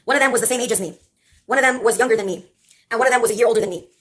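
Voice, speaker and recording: A young woman in her twenties tells personal stories in a casual vlog. She rambles with a dry, wry tone and pauses on many fillers. Her voice sits on the higher side. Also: fairly bright tone, husky. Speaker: vlogger. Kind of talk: casual storytelling monologue.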